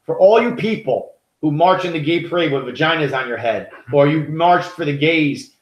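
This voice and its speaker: A man's voice: fairly high pitch, lively intonation, moderate pace. An American man co-hosting a podcast, telling stories in a heated, profane, rambling way. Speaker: podcast co-host. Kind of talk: casual opinionated podcast chat. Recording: echoey room.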